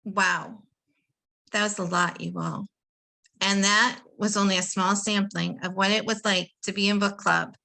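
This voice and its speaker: A woman's voice: medium pitch, steady tone, a little slow, gravelly, sharp tone, low-quality recording. A woman hosting a webinar over a video call, enthusiastic and addressing the audience as "y'all". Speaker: webinar host.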